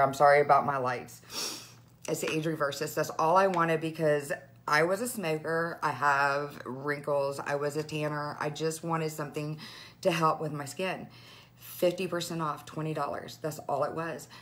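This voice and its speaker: Tearful, gushing woman on a live video. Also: low-pitched. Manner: gushing, excited, rambling. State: tearful, overwhelmed. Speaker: direct sales team leader. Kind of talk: emotional live video to followers.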